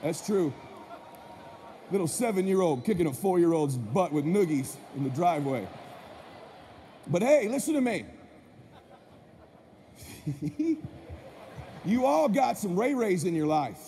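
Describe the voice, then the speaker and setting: A man telling a story in a live motivational speech, with energetic and punchy delivery. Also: sits high, measured pace, long pauses. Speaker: motivational speaker. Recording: echoey hall with faint noise.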